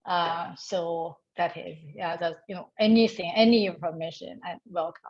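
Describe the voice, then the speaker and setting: A woman who speaks English as a talks on a video call, pausing often and filling gaps with hesitations. Her voice sits fairly low. The call audio is dull and muffled. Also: darkish tone, breathy edge. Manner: halting, many fillers, laughs often. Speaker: parent educator at a nonprofit.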